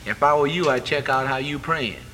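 A man preaching a sermon, acting out voices, moving from hushed to loud. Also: medium pitch, normal speed, slight background noise. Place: church sanctuary. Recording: echoey hall with faint ambience.

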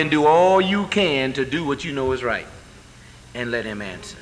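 A man preaching a sermon, acting out voices, moving from hushed to loud. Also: mid-range voice, lively intonation, moderate pace. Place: church sanctuary. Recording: echoey hall with faint ambience.

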